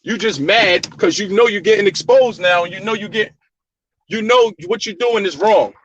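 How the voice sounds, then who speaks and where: A vlogger holds his phone to record as he argues with court staff, insistent and repetitive. His high voice is fairly bright at a moderate pace. The highs are cut off and there's slight background noise.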